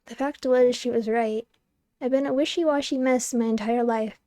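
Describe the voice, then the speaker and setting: A woman's voice: on the high side, steady tone, normal speed, dark tone, dry recording, studio quality. Young woman narrating a game with wry expression. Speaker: streamer reading a game aloud. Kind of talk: expressive narration of a game's text.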